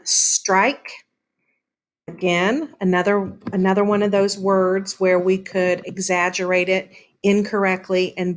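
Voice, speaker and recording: A woman teacher talks through a lesson in a slow, unhurried way. She stretches out words as she sounds them out and says "um" often. Her voice sits at a middle pitch. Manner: slow, patient explaining with drawn-out sounding of words; frequent filler "um". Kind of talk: classroom lesson on syllables.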